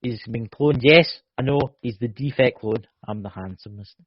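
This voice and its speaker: A man's voice: medium pitch, normal speed. A Scottish man co-hosting a podcast and joking with his partner in a boisterous, teasing way. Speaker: podcast co-host. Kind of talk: casual chat. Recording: muffled dry home recording.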